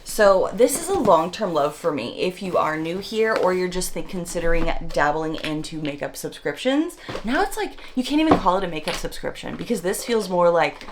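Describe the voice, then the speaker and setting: A woman beauty vlogger in a chatty, excitable unboxing, reading product labels aloud, with her morning voice. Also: lowish voice, moderate pace, few pauses, noisy background. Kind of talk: casual unboxing chat.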